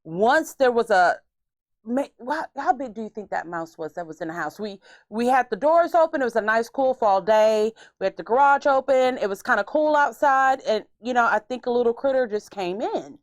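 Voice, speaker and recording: A woman's voice: on the high side, normal speed, no echo, clean studio sound. A woman hosting a podcast, telling stories in a casual, theatrical way. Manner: animated, theatrical storyteller. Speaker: podcast host. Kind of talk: casual storytelling chat.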